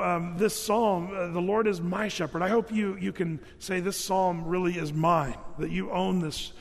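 A man's voice: high voice, in a large hall. A man preaching a sermon as pastor, in a conversational way with many fillers and restarts.

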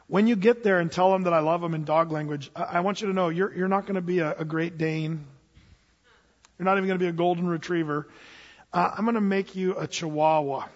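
A man's voice: high voice, fairly even intonation, fairly quick. A man preaching a sermon, telling a story and acting out both sides of a dialogue. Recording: dull lo-fi sound with long hall reverb.

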